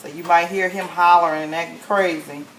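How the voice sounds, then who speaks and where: A woman's voice: fairly low pitch, steady tone, a little fast, fairly bright tone. A woman giving a casual home cooking demonstration, chatty and folksy, often checking in with "okay?". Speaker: home cook showing a recipe. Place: home kitchen. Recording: echoey kitchen with faint noise.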